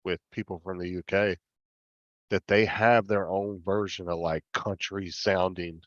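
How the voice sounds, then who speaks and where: A man's voice: deep voice, steady tone, unhurried, fairly bright tone, dry recording. A man in a casual livestream chat who argues his points and explains at length. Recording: dull, dry lo-fi audio.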